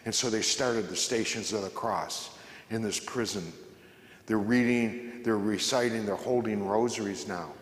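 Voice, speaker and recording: A man speaks to a church congregation as a guest speaker, mixing jokes with stories told in a chatty, relaxed way. At times he sinks into a hushed, gentle delivery. His voice carries through a roomy hall with a long, ringing reverb. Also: fairly low pitch, a little slow. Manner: conversational, joking storyteller who drops to a soft, quiet delivery. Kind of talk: inspirational faith talk. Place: large church.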